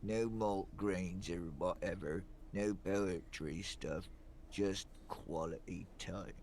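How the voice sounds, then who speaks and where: A man's voice: sits low, steady tone, takes it slowly, a little mellow, slight background noise. An actor playing a drowsy, evasive dock worker in his thirties in a video game, giving curt answers. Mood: surly. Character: sleepy, surly thirty-something male dock worker.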